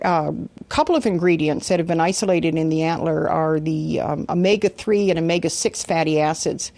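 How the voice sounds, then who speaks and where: A woman professor explaining research in an interview, pausing often with ums and uhs. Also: low voice, a little mellow, no echo. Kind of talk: interview answer.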